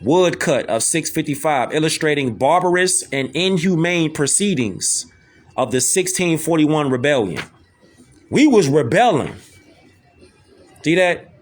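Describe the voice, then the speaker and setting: Host, male, slow emphatic commentary, swooping high voice, keeps pressing "see that?". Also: big pitch swings, soft background music. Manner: insistent, repetitive, keeps asking "see that?". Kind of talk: emphatic commentary over images and video.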